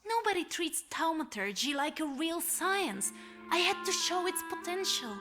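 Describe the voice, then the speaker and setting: A proud, defiant woman scholar of the occult in a story game. She speaks high and animated, cool and sure of herself, with faint music underneath. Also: measured pace, full character voice. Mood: self-assured. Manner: cool, self-assured.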